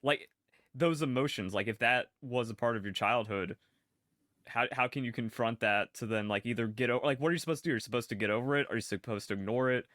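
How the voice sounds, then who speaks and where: A man's voice: mid-range voice, fast, a bit bright, dry recording, studio quality. A man on a podcast asking questions in a searching, hesitant way. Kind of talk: casual podcast conversation.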